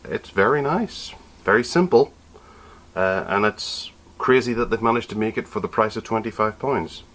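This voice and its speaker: Deep-voiced man reviewing gear. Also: normal speed. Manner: chatty, self-correcting, relaxed asides. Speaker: tech reviewer and podcast host. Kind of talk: casual product review.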